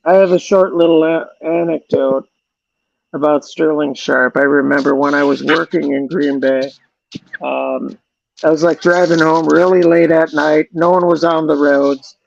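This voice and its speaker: A man in a casual sports chat, telling a short story in a relaxed, low-key way. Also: normal speed, vocal fry, highs cut off.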